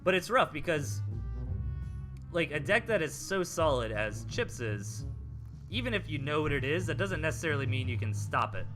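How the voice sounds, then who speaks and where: A young man with a Southern US accent, casting game replays in a rambling, chatty live-stream commentary full of fillers. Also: mid-range voice. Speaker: game caster.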